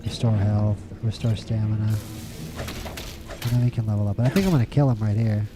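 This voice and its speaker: Low-voiced man chatting over gameplay. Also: steady tone, brisk, over music. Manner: rambling, playful, repeats words in bursts. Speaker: gameplay streamer. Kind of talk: casual let's-play commentary.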